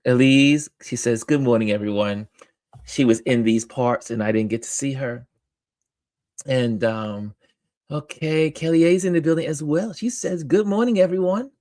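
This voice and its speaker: A man hosting a live-stream, greeting viewers by name and reading their comments aloud in an upbeat, animated way. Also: mid-range voice, normal speed, dry recording. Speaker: host.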